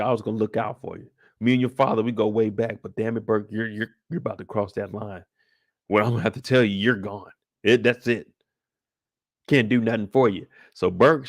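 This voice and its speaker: A man's voice: medium pitch, no room sound, clean studio sound. A man hosting a casual TV recap show, talking in a profane, laughing way. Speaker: show host.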